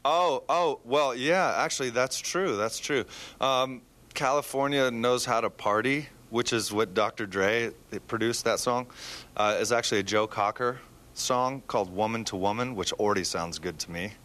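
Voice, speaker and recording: A man being interviewed as a musician, joking and halting with fillers. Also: medium pitch, fairly bright tone. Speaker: musician guest. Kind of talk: casual interview.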